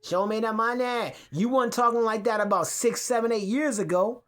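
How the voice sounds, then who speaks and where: A man's voice: very high-pitched, normal speed, fairly bright tone. Rambling, profane man hosting a podcast. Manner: profane, rambling, repeats himself. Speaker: podcast host. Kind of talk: casual rant to camera. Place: home man cave, sitting on a couch.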